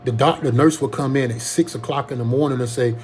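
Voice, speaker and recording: A young man speaks in a warm, mellow voice at an ordinary pitch. His telling is earnest and halting, full of ums and restarted sentences. A faint hum sits underneath the recording. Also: fairly even intonation. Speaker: Covid survivor telling his story. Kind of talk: casual personal testimony.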